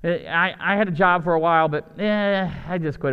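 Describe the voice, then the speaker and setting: Pastor man, high smooth voice, big echoey church hall sound, storytelling with energy. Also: a little fast, phone-quality sound. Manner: animated storytelling, shifts from excited highs to low asides. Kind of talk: lively sermon with acted-out voices.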